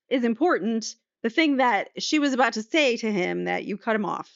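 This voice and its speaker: A woman's voice: a little high, expressive, moderate pace, vocal fry, few pauses, no room sound. A woman host reading trial transcripts aloud and adding blunt, opinionated asides. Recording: slightly muffled dry recording.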